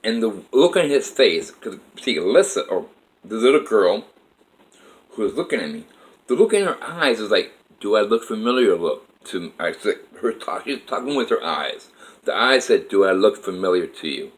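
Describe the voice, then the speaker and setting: Animated man rambling through a story. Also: lowish voice, moderate pace, rough recording. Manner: rambling, emotional retelling with many restarts. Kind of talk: personal life story told to camera.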